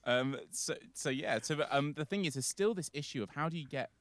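A man's voice: on the high side, a little fast. A man retelling a myth as a podcast guest, rambling with plenty of fillers. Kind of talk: casual storytelling.

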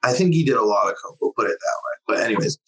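A man with a husky voice tells a rambling story in casual chat and swears as he goes. His pitch sits in the middle of the range. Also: very animated, racing, fairly bright tone, low-quality recording.

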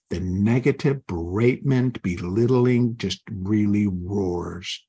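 A man's voice: fairly low pitch, a little slow, husky. An older man teaching trading, talking live and acting out inner voices. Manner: animated, acts out inner voices. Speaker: trading educator.

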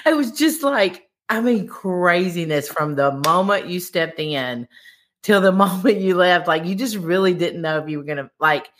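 A middle-aged woman tells a rambling story on a podcast. Her voice sits low but swings widely in pitch. She laughs often and acts out the lines other people said. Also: expressive, moderate pace. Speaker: podcast guest, baking competition winner. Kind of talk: casual storytelling chat.

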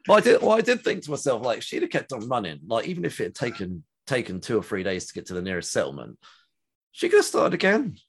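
A man's voice: fast, creaky, slightly rough. A man with an English accent hosting a casual film chat over a remote call, talking freely with many fillers. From England. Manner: chatty, lots of "like" fillers, lively pitch swings. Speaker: podcast host.

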